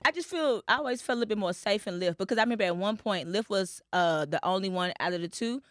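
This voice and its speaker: A woman's voice: medium pitch, expressive, fast, a bit bright, no room sound, clean studio sound. A woman co-hosting a casual podcast chat, chatty, laughing often and cutting in with questions. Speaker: podcast co-host.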